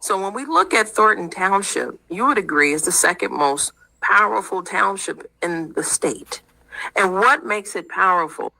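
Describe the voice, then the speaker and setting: A woman's voice: mid-range voice, animated, moderate pace, gravelly, pushed and bright, poor audio. A woman interviewing a guest on the radio, building her points with emphatic rhetorical questions.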